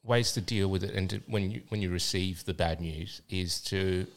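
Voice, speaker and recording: A man's voice: sits low, moderate pace. A man co-hosting a casual podcast chat, laughing easily and telling stories. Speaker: co-host.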